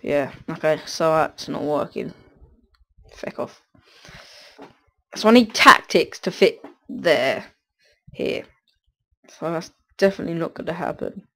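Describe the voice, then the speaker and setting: A man hosting a gaming video on a headset, chatting casually to himself while he builds, swearing often and breaking into excited bursts. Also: fairly high pitch, unhurried, creaky, pauses often. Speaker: gaming channel host. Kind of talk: casual gameplay commentary.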